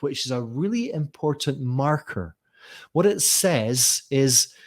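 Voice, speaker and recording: A middle-aged man running a live online teaching session, lively and questioning, calling on viewers by name. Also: medium pitch, a little slow. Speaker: teacher trainer.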